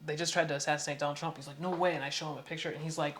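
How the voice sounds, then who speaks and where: Man telling a story, casual and animated. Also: fairly high pitch, rapid-fire, a little hiss or hum. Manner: animated storyteller, acts out quoted people. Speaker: podcast co-host.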